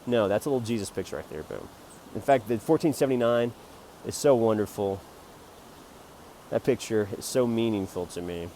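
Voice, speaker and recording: A man's voice: on the low side, animated, normal speed. Rambling, mock-grandiose man, faint noise. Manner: jokey, rambling, mock-grandiose, swings between loud bursts and mutters. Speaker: amateur photographer selling prints. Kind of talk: rambling self-promoting monologue.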